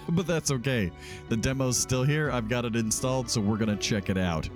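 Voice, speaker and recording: A man's voice: medium pitch, moderate pace, over music. A man casually hosting a let's-play video, reading the game's text aloud with chatty asides. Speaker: gaming video host.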